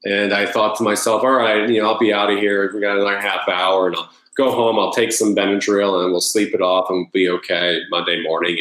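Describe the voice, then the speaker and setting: Man, very low voice, rambling first-person story, echoey room; repeats himself, voices his old thoughts. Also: fairly bright tone. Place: Los Angeles.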